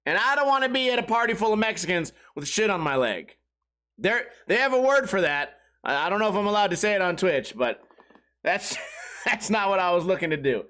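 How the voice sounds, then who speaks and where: Man, high voice, podcast host, crude rambling comic stories, laughs at his own jokes. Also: very animated, brisk, pushed and bright. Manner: acts out quoted voices with sudden pitch jumps. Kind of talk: solo comedic storytelling.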